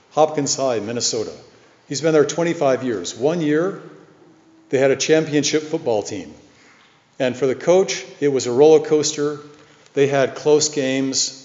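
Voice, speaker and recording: A man delivers an earnest, measured sermon, his voice ringing out through a long, echoing hall. The sound is muffled and lo-fi, like an older church recording. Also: mid-range voice, darkish tone. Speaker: preacher. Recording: echoey hall, dull lo-fi sound.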